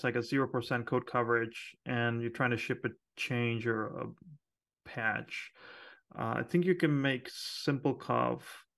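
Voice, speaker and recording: A man co-hosting a podcast, talking shop in a relaxed, chatty way with lots of fillers and quick laughs. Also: medium pitch, creaky. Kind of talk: casual technical chat.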